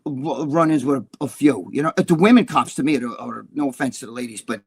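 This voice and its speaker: A man's voice: mid-range voice, a little fast, slightly rough, no echo. A man co-hosting a casual talk show, ranting bluntly and swearing a lot. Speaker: co-host.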